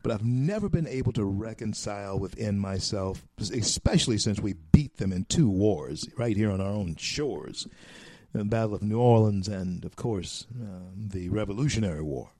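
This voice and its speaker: A man from the United States hosting a talk show, delivering a folksy, preachy opinion monologue with drawn-out emphatic phrases. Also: on the low side, animated, darkish tone, no room sound, clean studio sound.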